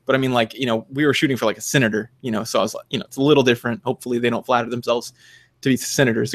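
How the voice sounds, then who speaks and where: A man's voice: mid-range voice, steady tone, racing. A young man co-hosting a podcast in casual chat, rambling with lots of fillers and restarts. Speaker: podcast co-host.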